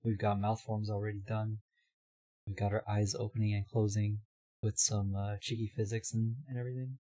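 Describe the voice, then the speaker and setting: Hoarse young man chatting on stream. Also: on the low side, little pitch movement, moderate pace, warm tone. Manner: chatty, reads chat aloud, laughs often. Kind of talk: casual live-stream chat.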